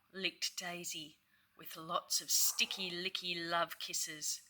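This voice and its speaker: Slow, low-voiced woman reading a children's story. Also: sharp tone. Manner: slow, clear and teacherly, pausing for clapping syllables and questions. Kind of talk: reading a picture book aloud to children.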